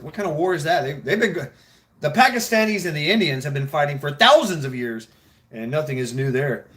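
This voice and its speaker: A man's voice: a little high, fairly bright tone. A man hosting a casual talk show, rambling with many restarts, swearing freely, laughing often. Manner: mimics others in mock voices. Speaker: show host. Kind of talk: casual chat.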